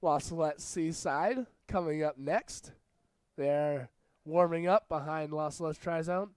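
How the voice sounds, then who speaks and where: A young man calls a school rugby match in a relaxed, joking play-by-play. His voice is smooth and clear and sits a little high, and it is recorded close and dry. He chats between plays and yells out when something big happens. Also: a little slow, no room sound. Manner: jokey, chatty, bursts into shouts at big plays. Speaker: match commentator. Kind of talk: casual play-by-play commentary.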